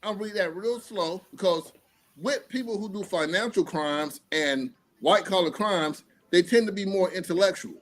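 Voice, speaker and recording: Animated, profane man hosting a podcast. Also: high voice, moderate pace, a little hiss or hum. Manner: animated, profane, acts out quotes. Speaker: podcast host. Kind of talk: casual streamed talk show.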